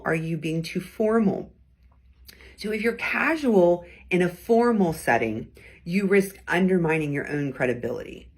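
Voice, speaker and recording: A woman's voice: lowish voice, slightly rough. A woman hosting a weekly talk, teaching about tone of voice in a conversational, encouraging way and acting out different tones as examples. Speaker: host and communication coach.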